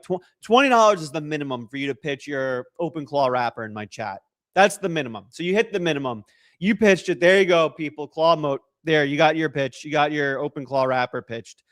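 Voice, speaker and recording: A young man hosts a loose, joking livestream. He rambles through chat messages and donations, and his voice sits a little high. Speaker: livestream host.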